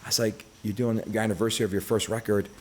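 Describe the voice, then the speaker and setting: A man's voice: on the low side, fast, slight background noise. A middle-aged man, a podcast guest telling stories in casual, profane chat and acting out other people's voices. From Brooklyn, New York. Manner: profane, animated, acts out quoted voices.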